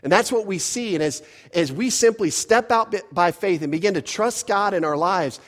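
A man's voice: high-pitched, moderate pace. Emphatic preacher man in a reverberant hall. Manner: earnest, emphatic teaching with rising emphasis. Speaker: pastor. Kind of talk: sermon.

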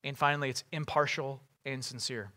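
A man's voice: medium pitch, fairly even intonation, fairly quick, pushed and bright. A man preaching a sermon in a casual way, full of fillers and asides.

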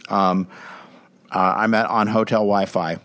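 A man with a lowish voice chats from a hotel room, rambling through his points with lots of ums and restarts. The sound is dry and close, with no room echo at all. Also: steady tone, unhurried, a bit bright. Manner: rambling, with many fillers and restarts. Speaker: podcast co-host. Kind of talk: casual chat. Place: hotel room with a fan humming.

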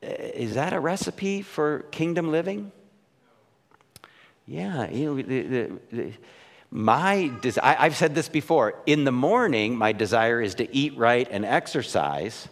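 A man's voice: medium pitch, expressive, unhurried. A man preaching a conversational sermon. He keeps asking his listeners questions and tags his points with "right?". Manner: casual, questioning, frequent "right?" asides. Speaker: pastor. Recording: long hall reverb.

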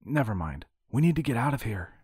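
A man voicing a flustered young male hero who speaks in a wry, hurried way, in audio fiction. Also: mid-range voice, sing-song, darkish tone, slightly rough, dry recording, clean studio sound, voice pushed up.

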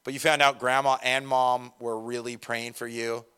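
A middle-aged man delivers a sermon in an easy, conversational manner, pitched at an ordinary middle height for a man. He mixes scripture with candid, self-deprecating asides and keeps the delivery lively. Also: normal speed, clear, resonant tone. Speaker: pastor.

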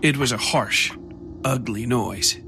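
Man narrating a dark horror story. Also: medium pitch, slow pace, gravelly, soft background music.

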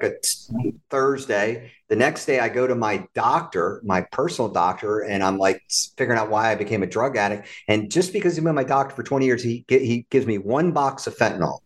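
Man, interview guest, animated storytelling, mid pitch, quotes people in character. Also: moderate pace. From United States. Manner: animated, acts out quoted voices. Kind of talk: conversational storytelling.

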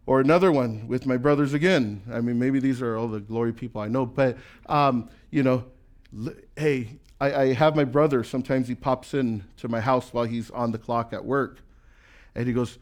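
A man pastor preaches in a relaxed, conversational way, with a voice sitting in an ordinary middle pitch. He slips into quoted voices and repeats words as he builds toward each point. The delivery stays animated and personal, like talking straight to the people in the pews. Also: normal speed. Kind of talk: sermon.

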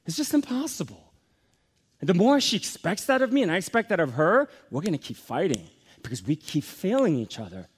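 A male pastor delivering a sermon, his voice sitting high for a man and moving through a very wide, lively range. His preaching is emphatic, sinking to hushed lows before surging back up with energy. He sounds like a man in his forties addressing a congregation. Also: fairly quick, slightly rough. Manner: emphatic preaching that swings from soft lows to rising, energetic highs.

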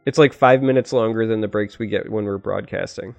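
A man's voice: lowish voice, steady tone, a little fast, gravelly, darkish tone, lo-fi sound, faint music behind. Dry-witted man in casual podcast chat. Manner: dry, teasing banter. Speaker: podcast co-host.

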